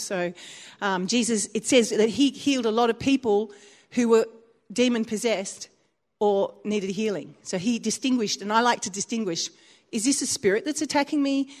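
A woman preacher giving a sermon in a church. She tells stories in an animated way, with big swings in pitch and frequent laughter.

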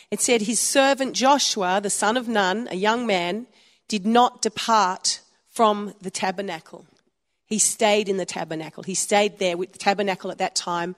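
A woman in her fifties with an Australian accent, preaching a sermon in a chatty storytelling way with frequent chuckles. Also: mid-range voice. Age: 50s. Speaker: pastor. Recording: long hall reverb.

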